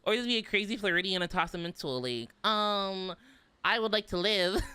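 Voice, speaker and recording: Giggly bright-voiced American young man. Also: high-pitched, brisk, smooth, no echo. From southern United States. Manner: giggly, chatty, filler-heavy with many "like"s. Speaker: vtuber streamer. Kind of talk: casual livestream chat reading comments.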